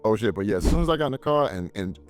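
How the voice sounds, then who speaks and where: A man co-hosting a casual film discussion, animated, acting out characters' lines and swearing freely. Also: fairly low pitch, rapid-fire, soft background music. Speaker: podcast co-host.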